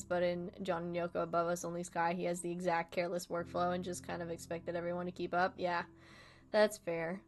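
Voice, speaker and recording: Rambling, giggly young woman streamer. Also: lowish voice. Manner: rambling, laughs often, swears casually. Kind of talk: casual chat stream.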